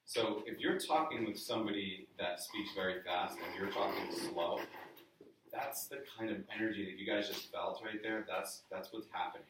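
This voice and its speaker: A man's voice: deep voice, normal speed, background noise. A man from the New York area leading a live sales training workshop, speaking casually and asking the room questions. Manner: conversational coaching, asks the room questions. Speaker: workshop presenter. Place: office meeting room with a live audience. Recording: very echoey room, voice from a distance.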